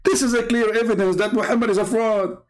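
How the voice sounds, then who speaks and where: Mocking man with a fairly high voice. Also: steady tone, quick pace. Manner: mocking, emphatic, sarcastic. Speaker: host. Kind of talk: livestream commentary.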